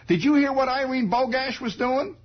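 A man voicing an excitable eight-year-old boy who stammers and repeats himself in a shrill voice. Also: normal speed. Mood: excited. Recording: dull old radio broadcast.

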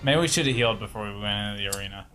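A man's voice: fairly low pitch, rapid-fire, pushed and bright, soft background music. A man co-hosting a video game let's play, chatting casually with dry, teasing quips. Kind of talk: casual gameplay banter.

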